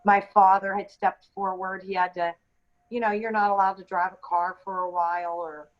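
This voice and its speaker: A woman co-hosting a podcast, telling a personal story in an unscripted, halting way with frequent ums and restarts. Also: mid-range voice, flat delivery. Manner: hesitant, many ums and restarts. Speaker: podcast co-host. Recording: dull lo-fi audio.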